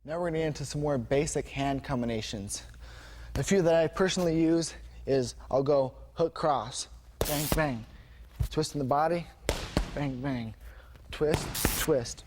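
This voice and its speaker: Over the constant noise of a busy gym, a male martial arts instructor energetically walks through punch combinations, naming each strike as he throws it and marking moves with "bang." His voice sits somewhat high for a man.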